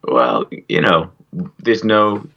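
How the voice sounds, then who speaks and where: Deep-voiced man with dry quips. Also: expressive, takes it slowly, vocal fry, bright, forceful tone, dull audio. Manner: dry quips, chimes in briefly. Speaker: podcast co-host. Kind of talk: casual chat.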